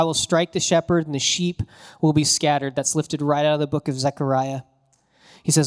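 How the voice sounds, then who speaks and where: A pastor delivers a conversational sermon in a relaxed way, his voice a bit higher than most men's, at normal speed. He retells the story animatedly with casual slang, as if chatting with friends from the pulpit.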